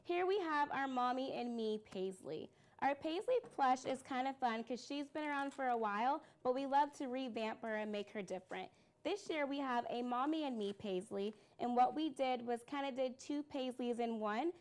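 Bright-pitched enthusiastic woman presenter. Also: moderate pace. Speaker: live-stream product host. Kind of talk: casual live product demo.

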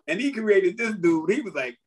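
Comedian guest, male, husky and high-pitched, swings his pitch a lot; animated joke-teller. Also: normal speed. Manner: animated, laughs through his stories. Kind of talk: casual chat explaining jokes.

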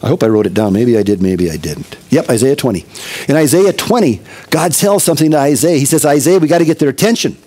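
A man's voice: mid-range voice, expressive, brisk, mellow, breathy edge. A middle-aged male pastor preaching a conversational expository sermon, with emphatic repetition.

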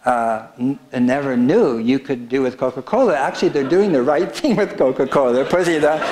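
In a town hall auditorium, an older man talks about his book through a slide lecture that stays conversational and wry, frequently laughing at his own jokes. He has a medium pitch and a darkish tone.

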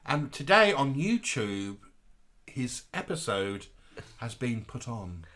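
A man's voice: medium pitch, sing-song, slow, sharp tone. A man co-hosting a live stream, chatting casually and telling gossipy stories. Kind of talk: casual chat.

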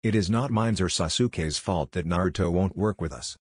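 A man's voice: deep voice, normal speed, a little mellow, husky, no echo, studio quality. A man reading the lines of a tired, stern adult ninja teacher in a story.

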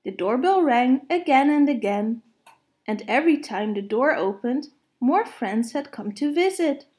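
Slow gentle woman storyteller. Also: sits high, expressive. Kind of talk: reading a picture book aloud.

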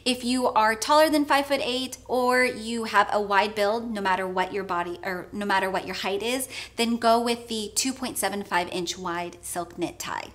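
A woman's voice: medium pitch, steady tone, normal speed, few pauses, fairly bright tone. A woman hosting a menswear advice video, giving emphatic, opinionated instructions. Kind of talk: instructional fashion vlog.

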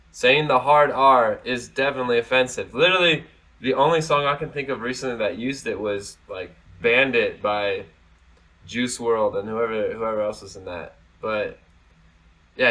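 A man with a bright, forceful voice riffs through his own commentary, reading passages and then cutting in with blunt, profane sarcasm. His pitch sits in an ordinary middle range, and he often restarts his sentences as he talks. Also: rough recording. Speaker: commentary vlog host. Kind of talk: casual commentary reading news articles.

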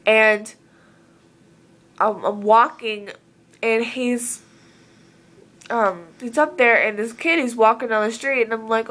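A woman's voice: a little high, slow pace, pauses often, a bit bright. A woman from Southern Oregon talking casually to camera in an earnest, rambling way, full of filler words. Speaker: vlogger.

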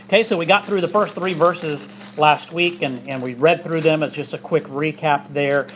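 A man's voice: a little high, normal speed, fairly bright tone, slight background noise. A male pastor preaching a casual, conversational sermon in a church, with many asides. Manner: conversational, chatty, with frequent fillers and asides. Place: church sanctuary.

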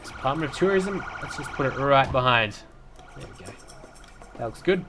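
A man's voice: medium pitch, expressive, normal speed, a bit bright, slight background noise. A man giving casual, rambling commentary while playing a city-building game, with lots of fillers and restarts. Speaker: let's play commentator.

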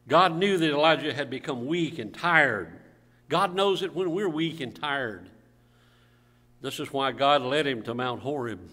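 Bright-voiced preaching man in a reverberant church. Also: medium pitch. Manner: preaching, asks rhetorical questions, calls for amens. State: coughing at times. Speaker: pastor. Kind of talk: sermon with congregational reading. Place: church sanctuary.

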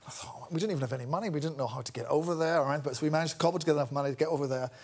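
A man's voice: fairly high pitch, rapid-fire, darkish tone, husky. A middle-aged man with a Scottish accent, a chat show guest telling a wry, self-deprecating story. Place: TV studio.

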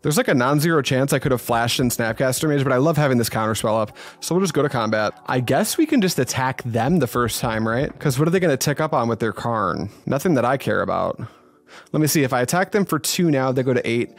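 A man giving casual live commentary on his own card game, thinking aloud, talking to his opponent and swearing when annoyed. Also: mid-range voice.

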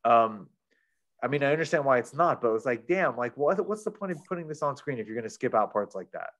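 A man's voice: medium pitch, animated, quick pace, fairly bright tone. A man retelling a book plot in casual chat as a podcast reviewer, rambling with lots of fillers.

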